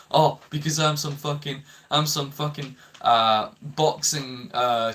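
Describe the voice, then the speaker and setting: Bright-voiced young man ranting, heated and profane. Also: mid-range voice. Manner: heated, profane, stammering restarts. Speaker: vlogger. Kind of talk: ranting commentary to camera.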